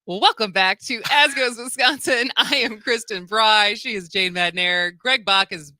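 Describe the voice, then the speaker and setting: A woman's voice: medium pitch, sharp tone, no echo. A woman co-hosting a radio talk show, chatting and laughing in casual studio banter. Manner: chatty, laughing, quick asides.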